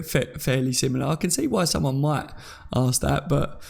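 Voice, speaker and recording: A man's voice: mid-range voice, lively intonation, normal speed, gravelly, a little mellow, slightly rough. A man hosting a casual live chat, reading out comments and laughing often. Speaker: podcast host.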